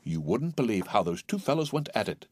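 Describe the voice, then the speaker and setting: A man reading a classic novel aloud as an audiobook narrator, in an animated, theatrical way. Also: fairly low pitch, fairly quick, no room sound.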